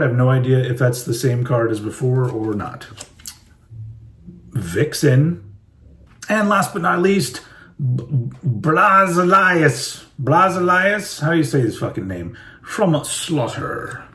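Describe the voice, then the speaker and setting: A man's voice: mid-range voice, lively intonation, normal speed, long pauses, far from the mic. A man casually commenting while opening trading card packs, irreverent and swearing freely as he reads the cards aloud. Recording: roomy echo, voice a bit off mic.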